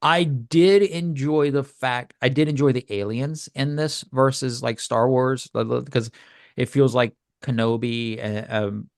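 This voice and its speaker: This man's medium-pitched voice has fairly even intonation and an unhurried pace, in a dry, clean studio recording. As a podcast co-host in a casual review chat, he rambles and hesitates with lots of fillers and restarts.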